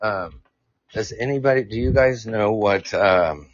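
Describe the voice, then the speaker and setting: A man's voice: lowish voice, unhurried, dry recording, muffled recording. A man hosting a live podcast, explaining science casually, stumbling over words and joking with his chat. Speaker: podcast host. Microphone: new earphones mic.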